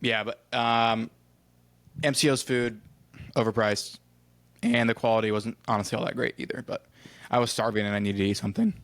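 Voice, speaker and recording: A man from Ohio co-hosts a casual podcast, telling long rambling stories. His voice sits at an ordinary middle pitch. He acts out the people he met and drops in the odd swear word. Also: level tone, normal speed, long pauses, fairly bright tone. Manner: rambling storyteller who acts out quoted exchanges, swears casually. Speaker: podcast co-host. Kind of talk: casual chat.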